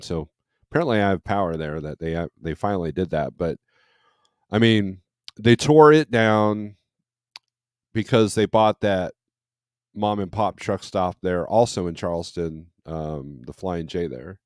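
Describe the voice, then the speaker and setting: Male trucker host, low-pitched, rambling livestream chatter, dry voice. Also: a little mellow, no room sound. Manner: rambling and conversational, with frequent fillers and restarts; blunt and opinionated when griping. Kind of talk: casual morning livestream, reading viewer comments aloud.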